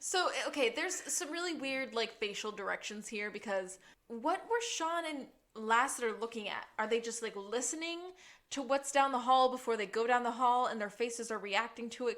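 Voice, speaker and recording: A woman co-hosting a podcast, casually recapping a TV episode and acting out lines in a high, excited voice. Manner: animated, acts out quoted lines in a high voice. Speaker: podcast co-host.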